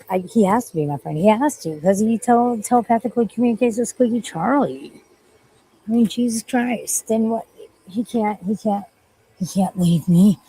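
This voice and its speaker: A woman's voice: mid-range voice, dark tone, a little hiss or hum. A woman chatting casually from inside her car, rambling bluntly and swearing freely. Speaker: vlogger. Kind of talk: casual chat.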